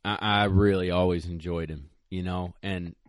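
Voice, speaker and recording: A man's voice: low voice, steady tone, moderate pace, no room sound, clean studio sound. A man hosting a casual chat, telling stories with laughs along the way. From northern United States. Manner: storytelling, laughs as he talks. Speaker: podcast host.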